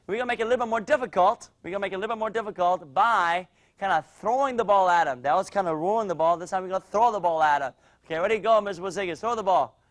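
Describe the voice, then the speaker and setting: A man teaching a kids' martial arts class, calling out drills with energy in a studio. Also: high-pitched. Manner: energetic coaching, calls out drills.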